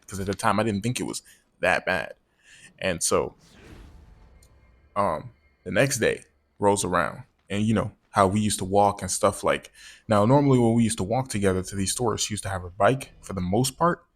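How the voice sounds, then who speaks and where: A man's voice: deep voice, normal speed, a bit bright. A man telling a personal story in a casual storytime monologue, slangy and profane, rambling and repeating words.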